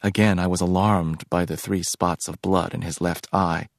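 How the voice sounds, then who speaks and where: Audiobook: deep-voiced man narrating in a measured, reflective way, dry close sound. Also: little pitch movement, vocal fry, no room sound.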